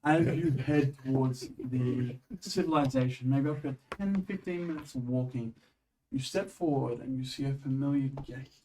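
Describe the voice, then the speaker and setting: A man's voice: medium pitch, mellow, recorded from a distance, a little hiss or hum, rough recording. A man narrating a tabletop game as game master, stumbling and restarting as he describes scenes. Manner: halting, with restarts.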